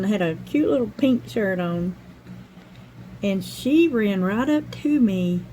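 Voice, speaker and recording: A woman's voice: medium pitch, mellow, slight background noise, low-quality recording. An older woman hosting a craft channel, chatting at home and telling a heartfelt story that wanders from one detail to the next. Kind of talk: casual chat while crafting.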